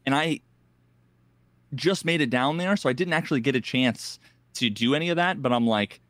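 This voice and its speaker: A man co-hosting a podcast, telling a gaming story in casual, animated talk, acting out other players in quick voices and swearing freely. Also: medium pitch, dry recording. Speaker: podcast co-host.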